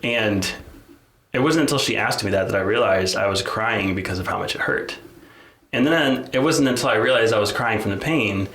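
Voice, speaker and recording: Male podcast co-host, lowish voice, earnest and candid, loose conversational delivery, echoey room. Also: normal speed, a bit bright. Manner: earnest, candid storytelling with frequent restarts and "like". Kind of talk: casual chat. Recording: roomy echo, faint noise.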